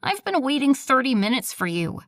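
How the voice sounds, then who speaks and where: A woman's voice: sits high, very animated, a bit bright, dry recording, pitched above the performer's own voice. Nasal, smug male coworker voiced by a woman, condescending and nagging, dry close read. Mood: snide. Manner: condescending, drawn-out taunting.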